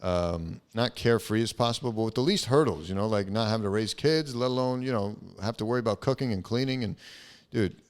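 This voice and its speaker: A young man talks alone into the mic for his podcast, drifting from one thought to the next with plenty of swearing and filler words. His voice sits low for a man. It has a smooth, resonant tone. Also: a little fast. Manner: rambling, profane, frequent fillers. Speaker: podcast host. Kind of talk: casual solo podcast monologue.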